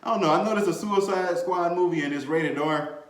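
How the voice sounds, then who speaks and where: Man, podcast host, casual slangy chat, fairly high voice, roomy echo. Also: fairly quick. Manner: animated, laughing, swears freely, slangy. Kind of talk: casual movie review chat. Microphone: desk mic, bumped at times. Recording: echoey room.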